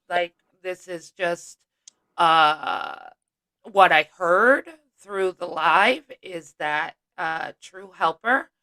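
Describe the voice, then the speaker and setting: A woman hosting a livestream in casual chat, easygoing and unhurried, with filler pauses. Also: on the low side, sharp tone, poor audio. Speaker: host of a livestream.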